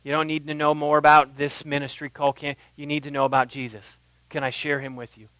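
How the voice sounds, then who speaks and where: A man's voice: on the high side, flat delivery, a little fast, no echo, low-quality recording. Man preaching a passionate sermon. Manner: swings from quiet, intimate asides to loud, impassioned preaching. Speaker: pastor.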